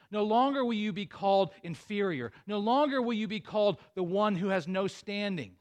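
A man preaching a sermon, retelling a story with lively asides to his congregation. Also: sits high, normal speed, few pauses. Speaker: pastor.

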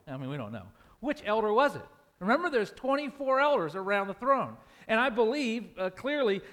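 A pastor preaching a sermon in a dramatic way, swinging between loud emphasis and hushed lines. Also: male voice, high voice.

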